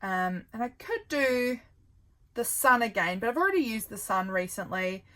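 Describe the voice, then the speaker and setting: A woman's voice: a little high, lively intonation, moderate pace, sharp tone, poor audio. A woman vlogger chatting casually as she works on a craft project, thinking aloud and poking fun at her own mistakes. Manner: thinks aloud while working, rambling and self-deprecating.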